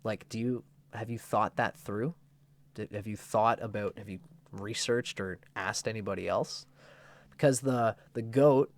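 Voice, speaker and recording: A man giving an unscripted astrology talk, animated and prone to restarts and the odd swear word. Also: mid-range voice, no echo. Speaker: astrologer presenting a video.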